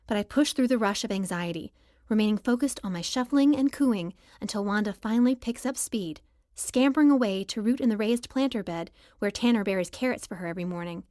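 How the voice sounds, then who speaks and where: A woman reading a first-person romance novel aloud as audiobook narrator, in a lively, expressive style. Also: medium pitch, brisk, no echo, clean studio sound.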